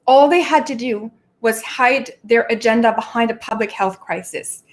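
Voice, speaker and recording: A woman hosting a casual livestream from her home, talking in an animated, exasperated way, often laughing and stopping to catch her breath. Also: fairly high pitch, normal speed. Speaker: show host.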